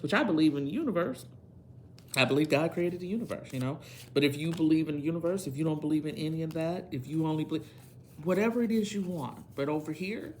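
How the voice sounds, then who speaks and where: A woman's voice: deep voice, a little mellow, a little hiss or hum. A woman tarot reader talking straight to her viewers in a casual video, earnest and emphatic like a pep talk.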